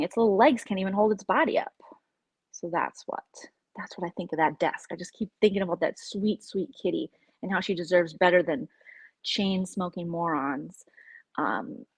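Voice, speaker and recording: A woman vlogger chatting casually with viewers on a livestream, opinionated and lively when she quotes people. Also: medium pitch, husky, no room sound. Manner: chatty, opinionated, animated quoting. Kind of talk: casual live chat with viewers.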